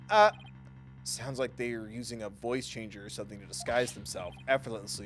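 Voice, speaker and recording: Brief: chatty, playful male streamer, mid-pitched, faint music behind. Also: animated, a little fast. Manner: playful, chatty asides to chat. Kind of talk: live game-reading stream.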